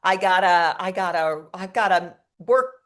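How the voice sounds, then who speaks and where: A middle-aged woman from the United States, telling animated, profane stories in a casual interview, with lots of restarts. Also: fairly low pitch, unhurried. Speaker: interview guest, comedic performer.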